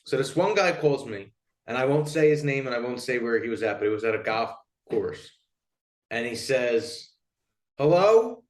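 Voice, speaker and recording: A man's voice: medium pitch, normal speed, roomy sound. A man co-hosting a podcast who tells stories in a rambling way, with lots of fillers and swearing. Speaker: podcast co-host. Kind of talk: casual chat, storytelling.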